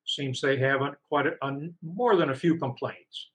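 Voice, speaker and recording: A man's voice: mid-range voice, normal speed, fairly bright tone, slightly rough, low-quality recording. A man casually recounting his dealings with a publisher, exasperated, sometimes mimicking the staff's replies. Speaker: author telling a complaint. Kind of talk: casual storytelling.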